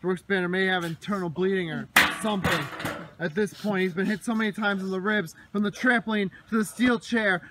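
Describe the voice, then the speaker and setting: A man doing wrestling play-by-play commentary, moving between hushed, dismayed muttering and shouted excitement over big moves. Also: sits high, fairly quick, very noisy.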